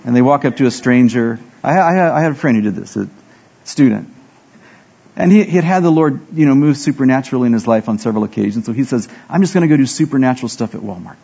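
A man's voice: medium pitch, expressive, fast, creaky, warm tone, husky, lo-fi sound. A man preaching a sermon as pastor, telling self-deprecating stories and acting out the dialogue.

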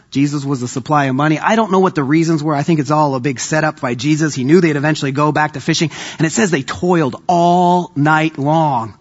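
A man's voice: a little high, brisk, highs cut off. A man preaching a sermon, telling stories and acting out the voices of the people in them, building to emphatic peaks.

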